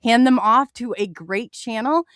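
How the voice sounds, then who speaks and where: A woman's voice: a little high, no room sound, studio quality. A woman hosting a podcast, chatting casually and readily affirming her guest. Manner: warm, agreeable, quick to affirm. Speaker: podcast host. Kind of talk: casual chat.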